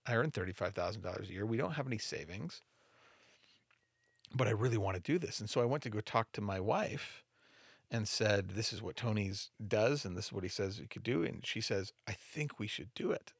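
A man's voice: lowish voice, breathy edge, dry recording, studio quality. A middle-aged man, a mindset coach, earnestly telling his own story and acting out quoted dialogue. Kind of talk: personal storytelling.

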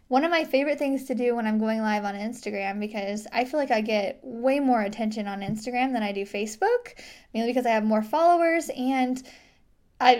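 A young adult woman hosting a casual solo podcast, chatty and rambling, with frequent giggles, fillers and restarts, close on a microphone. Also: on the high side. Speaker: podcast host. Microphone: studio microphone.

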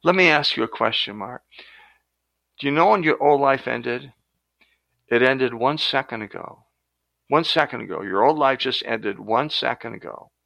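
Older man, gravelly voice, bright tone, dry recording, lively storytelling. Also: mid-range voice, dry recording, poor audio. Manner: animated storyteller who acts out quotes. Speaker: guest, retired professor. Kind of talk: storytelling in a podcast interview.

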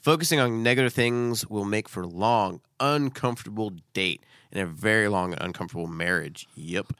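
A man's voice: on the low side, moderate pace, fairly bright tone, no echo, studio quality. A man co-hosting a casual talk show, reading list items aloud and commenting on them. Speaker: podcast co-host.

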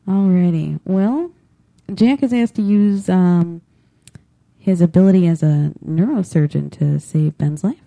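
A woman's voice: on the low side, measured pace, creaky, mellow. A woman co-hosting a podcast, recapping episodes and chatting casually with an easy, amused manner. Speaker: podcast co-host. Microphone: headphones with a desk mic.

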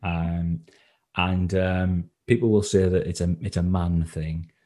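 Speaking slowly and flatly, this English confidence coach has a low-pitched, slightly mellow voice. Interviewed on a podcast, he chats casually but hesitantly, with many ums and restarts.

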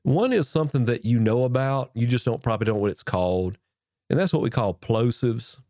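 A man hosting a podcast, casually explaining mic technique in a folksy way while he speaks into a boom-arm microphone with a foam cover. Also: fairly quick, warm tone, dry recording, clean studio sound. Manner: folksy, repeats and restarts while demonstrating at the mic. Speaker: podcast host teaching audio gear. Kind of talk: casual instructional talk to camera. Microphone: boom-arm microphone with foam cover close to his face.

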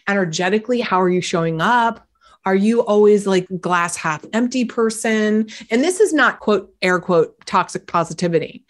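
A woman hosting a self-help podcast who coaches her listeners directly, firing questions at them, talking casually and bluntly with some mild swearing. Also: medium pitch. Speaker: podcast host. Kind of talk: motivational self-help talk.

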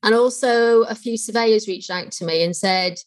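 A woman's voice: medium pitch, moderate pace. Chatty Welsh woman podcast host. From North Wales. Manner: chatty, laughs easily. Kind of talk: casual interview chat.

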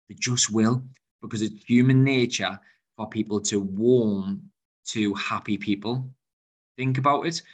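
Guy, lowish voice, chatty sales advice, keeps repeating himself. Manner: energetic, repeats himself, acts out phone calls. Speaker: host giving sales tips. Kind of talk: casual advice talk.

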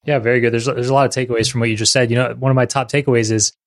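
A man hosts a podcast interview and asks his questions in a relaxed, friendly, casual way. His voice sits at an ordinary mid pitch for a man. He keeps the exchange easy and conversational. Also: very fast. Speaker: podcast host.

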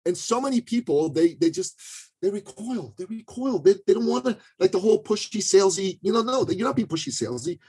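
A man's voice: high voice, sing-song, fairly quick, a little mellow, slightly rough, low-quality recording. A man speaking as a guest in a podcast interview, coaching listeners on sales in an emphatic, pushy way with many asides and restarts.

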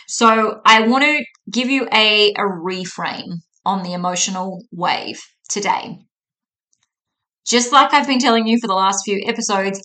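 A woman in her thirties hosts a solo podcast and talks her listeners through a topic. She is chatty and explanatory, pausing often to check in with "okay?". Her voice sits at an ordinary middle pitch. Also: a bit bright. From Australia. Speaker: podcast host.

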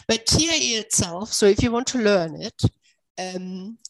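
A woman's voice: mid-range voice, a little slow, no echo. Reassuring woman practitioner, dry sound. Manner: warm, reassuring, passionate explaining. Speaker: guest practitioner. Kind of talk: explaining in interview.

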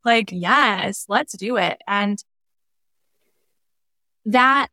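A young adult woman, a spiritual life coach, talking earnestly and warmly about healing as a podcast guest. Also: medium pitch, extremely slow, no room sound, studio quality. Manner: earnest, heartfelt, spiritual wording. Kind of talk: casual conversational interview.

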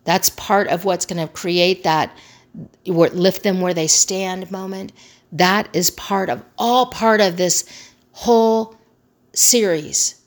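A woman with a slightly low voice teaches crisis communication skills, speaking slowly. Her tone is earnest and motivational, and she keeps circling back to her key phrases for emphasis.

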